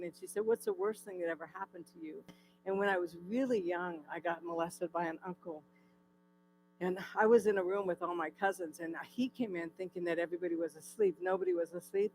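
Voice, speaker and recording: A woman's voice: lowish voice, poor audio. Woman giving an emotional personal testimony. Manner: vivid storytelling, acting out quoted voices; tearful and earnest in places. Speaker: guest speaker sharing her recovery story. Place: church.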